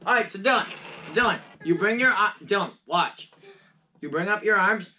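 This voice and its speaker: A man narrating as game master of a tabletop game, halting and often repeating himself. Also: sits high, expressive, background noise.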